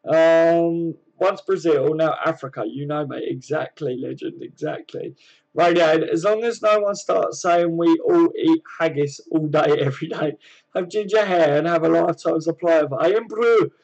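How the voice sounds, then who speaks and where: Chatty English man with a higher voice. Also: normal speed, vocal fry, a little mellow, muffled recording. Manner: chatty, calls viewers mate, laughs often. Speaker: host of a fan channel live stream. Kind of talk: casual live-stream chat reading viewer comments.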